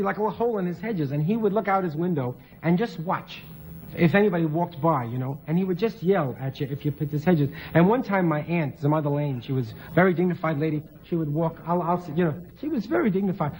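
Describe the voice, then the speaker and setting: A man appearing as a talk show guest, telling funny stories in an animated way, laughing often and mimicking relatives. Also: high voice, fast talker, a little hiss or hum, rough recording. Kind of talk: comic anecdote telling. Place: television studio.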